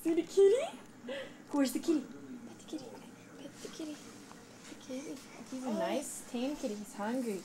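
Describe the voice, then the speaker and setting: A woman, a mother filming her toddler, talks in sing-song baby talk with squeaky coaxing calls. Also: moderate pace, noisy background. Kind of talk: home video baby talk.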